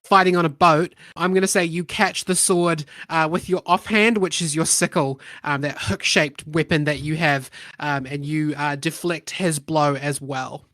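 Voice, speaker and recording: A man narrating a tabletop game as game master in a relaxed, rambling way. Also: on the high side, moderate pace, hardly any pauses, no echo, clean studio sound. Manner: relaxed, rambling, many ums and uhs.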